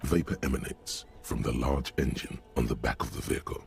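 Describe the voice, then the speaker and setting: A man voicing the narrator of a video game, describing scenes in a measured, wry, literary way. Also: rumbling low, creaky, exaggerated voice. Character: brooding omniscient male game narrator.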